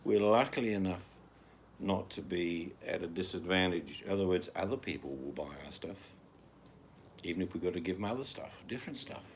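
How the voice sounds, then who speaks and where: An older Australian man with a very low, gravelly voice rambles bluntly through a live chat from home. His delivery is loose and offhand, with the occasional swear. Crickets chirp faintly behind him. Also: animated, a little fast, a little hiss or hum. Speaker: livestream host reading chat. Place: at home in the evening.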